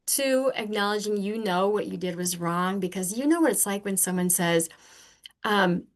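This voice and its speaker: An older woman who is a podcast guest, telling earnest personal stories in a candid, animated conversational way. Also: medium pitch, moderate pace. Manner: earnest, animated, acts out remembered exchanges.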